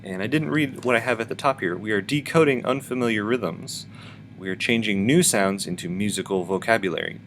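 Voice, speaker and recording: A man's voice: fairly low pitch, a little fast, a bit bright, a little hiss or hum. A man teaching a virtual music lesson for children, patiently explaining and chanting rhythm syllables.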